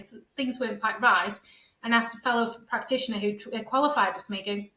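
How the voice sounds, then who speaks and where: Speaking fast in a bright, forceful mid-pitched voice, this middle-aged home coach rambles through a casual podcast interview about feng shui and decluttering. She's chatty, leans on "sort of thing," and performs the voices she quotes. The room echoes and the recording quality is rough.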